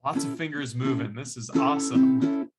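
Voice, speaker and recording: A man's voice: medium pitch, normal speed, loud music behind the voice. A man teaching an online ukulele lesson in an upbeat, encouraging and chatty way.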